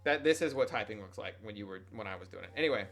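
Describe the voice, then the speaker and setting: A man's voice: lowish voice, lively intonation, rapid-fire, a bit bright, faint music behind. A young adult man streaming, casually telling a rambling, profane, self-mocking story to his chat.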